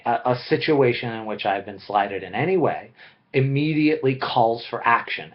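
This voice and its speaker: A man with a mid-range voice gives a recorded philosophy lecture, and the audio sounds dull. He talks conversationally, frequently checking in with tag questions like "right?"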